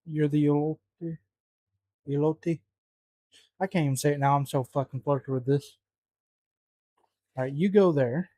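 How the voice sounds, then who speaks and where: A man's voice: mid-range voice, brisk, long pauses, dark tone, dry recording. A man cooking at home, talking to himself in a flustered, muttering way and swearing often. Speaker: home cook vlogger. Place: home kitchen.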